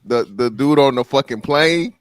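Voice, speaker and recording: A man's voice: mid-range voice, normal speed, smooth, no echo. A man ranting bluntly and profanely. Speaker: panelist.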